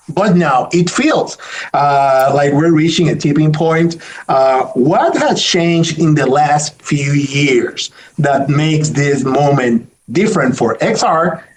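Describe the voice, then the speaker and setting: Upbeat host with a Puerto Rican accent. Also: male voice, fairly high pitch. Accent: Puerto Rican Spanish. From Puerto Rico. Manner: upbeat, friendly, with many fillers. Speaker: podcast host. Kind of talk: casual panel discussion.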